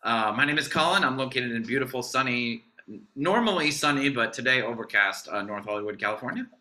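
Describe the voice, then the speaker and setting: A man hosting a podcast, enthusiastic and quick to tell a story and laugh. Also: medium pitch, animated, pushed and bright. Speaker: podcast host. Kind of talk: casual podcast chat.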